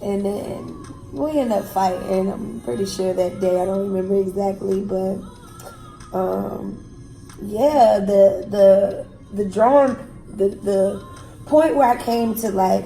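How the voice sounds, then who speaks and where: A woman telling a personal story in an interview, frankly and with pauses and fillers. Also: mid-range voice, steady tone, gravelly, dark tone. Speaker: guest telling her own story. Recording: echoey room with faint music.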